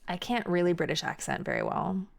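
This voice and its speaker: Gravelly-voiced American woman streamer. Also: on the low side, huge pitch swings. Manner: chatty and rambling, quick laughs, frequent restarts. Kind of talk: casual live-stream chat, answering chat.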